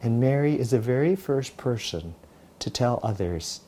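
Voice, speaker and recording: A man's voice: medium pitch, animated, moderate pace, mellow, breathy edge. A male pastor delivering a sermon, retelling stories dramatically, with frequent restarts.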